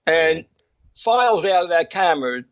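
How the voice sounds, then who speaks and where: A man with a somewhat high voice talks in emphatic, opinionated bursts, often restarting his sentences. It is a casual chat. The recording sounds dull and lo-fi. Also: lively intonation, normal speed, clear, resonant tone. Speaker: magazine co-host discussing photographers.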